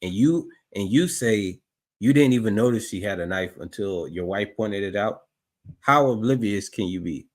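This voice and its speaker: A man's voice: fairly low pitch, expressive, normal speed. A man commenting on footage, doubtful and repeating himself as he questions a story. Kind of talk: skeptical commentary.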